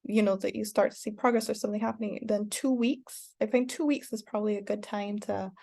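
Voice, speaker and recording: A woman teaching an online course in a casual, rambling way, with many fillers and restarts and sudden bursts of excited cheering. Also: mid-range voice, a little fast, creaky. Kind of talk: casual spoken lesson.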